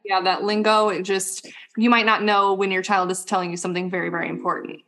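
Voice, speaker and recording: A woman's voice: medium pitch, little pitch movement, fast, fairly bright tone. Casual chatty woman in her thirties. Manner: casual, says like and yeah a lot. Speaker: nurse and mother, podcast guest. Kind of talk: casual chat.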